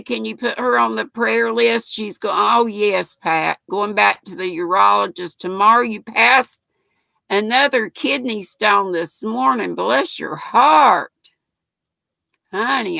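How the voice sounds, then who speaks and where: A woman's voice: mid-range voice, gravelly, pushed and bright, no echo. An older woman with a North Carolina accent, hosting a livestream in a chatty, folksy way and reading viewer comments aloud. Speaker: livestream host reading chat. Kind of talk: casual chat.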